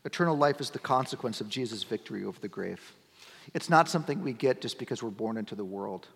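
A middle-aged man preaching a sermon as pastor, talking conversationally and building to emphatic, near-shouted points. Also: mid-range voice, animated, fast, gravelly, husky. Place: church sanctuary. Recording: long church-hall reverb.

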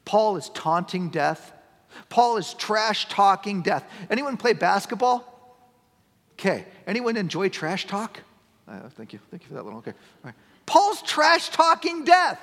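A middle-aged male pastor delivers a sermon in a high, gravelly voice. He moves from easy, conversational talk to emphatic, near-shouted lines. The sound carries a long reverb from a church sanctuary. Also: very animated, unhurried.

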